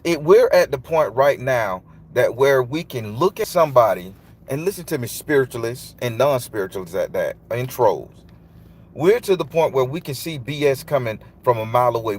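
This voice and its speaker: A man's voice: medium pitch, animated, normal speed, slight background noise. A man, a tarot reader telling a long, loose, profane story in casual monologue. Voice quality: loose, profane, emphatic delivery.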